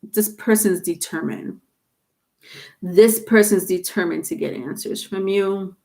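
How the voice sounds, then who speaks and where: Woman doing a live tarot read, slow and rambly, lots of ums. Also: mid-range voice, warm tone. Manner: rambling, many fillers and restarts. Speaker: tarot reader. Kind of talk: live-streamed tarot reading.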